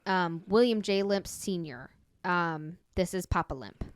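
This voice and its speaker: A woman's voice: lowish voice, a little slow, clean tone, no room sound. A woman co-hosting a podcast, casually telling a story with lots of fillers and self-corrections. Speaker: podcast co-host.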